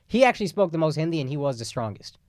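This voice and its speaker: A man, a comedian guest, telling stories in a casual podcast chat, animated and swearing freely. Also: fairly high pitch, very fast, no echo, clean studio sound. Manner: animated storytelling with profanity.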